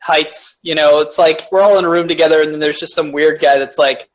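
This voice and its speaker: A man's voice: on the high side, fairly even intonation, brisk, low-quality recording. A man co-hosting a podcast in casual, rambling chat. He swears and laughs often. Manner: rambling, profane, laughs a lot. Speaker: podcast co-host.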